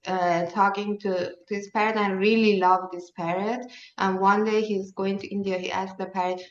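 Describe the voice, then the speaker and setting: A woman leading a workshop, telling a story in halting with many fillers, heard over a video call. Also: mid-range voice. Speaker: workshop leader. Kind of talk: casual storytelling. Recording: roomy, distant, dull sound.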